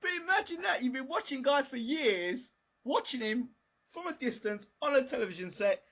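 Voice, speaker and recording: A host in easygoing conversation who laughs easily. His voice is high and swings widely in pitch, with a husky edge. The sound is lo-fi and dull. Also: moderate pace. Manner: lively, laughs readily. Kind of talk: casual interview chat.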